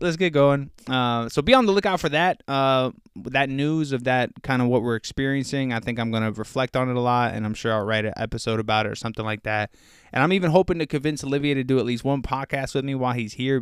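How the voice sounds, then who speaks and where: A young man hosts a casual faith podcast, rambling earnestly with plenty of fillers and sounding a little out of breath. His mid-range voice is brisk with a clean tone, and the recording is clean studio sound with no room sound.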